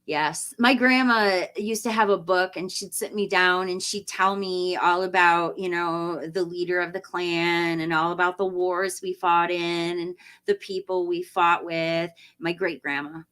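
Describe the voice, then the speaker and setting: A woman's voice: fairly low pitch, steady tone, measured pace, few pauses, a bit bright. A woman hosting a live stream, chatting casually with viewers, tired after hours of talking, laughing often and rambling. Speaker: livestream host. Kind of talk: casual live chat reading viewer comments.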